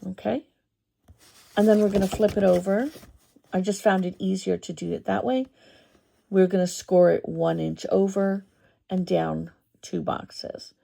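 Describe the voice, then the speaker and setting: Woman craft host: heavy vocal fry, mellow tone, demonstrating step by step. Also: medium pitch, level tone. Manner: step-by-step, unhurried, thinking aloud. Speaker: papercraft tutorial host.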